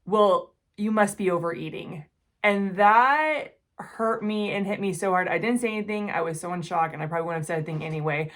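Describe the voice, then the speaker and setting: A woman in her forties telling a personal story to the camera, earnest and emotional, often speaking quietly. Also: fairly low pitch, quick pace. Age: 40s. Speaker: jewelry-making channel host.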